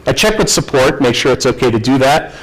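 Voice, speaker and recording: A man's voice: mid-range voice, fairly quick, low-quality recording. A man presenting a technical conference talk, telling the story in a chatty, self-deprecating way. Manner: animated storytelling, acts out quoted voices.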